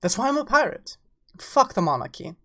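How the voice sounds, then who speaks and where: A woman's voice: medium pitch, very animated, brisk, pushed and bright. A woman with an English accent chatting casually on a livestream, playful, greeting viewers as darling. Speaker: streamer.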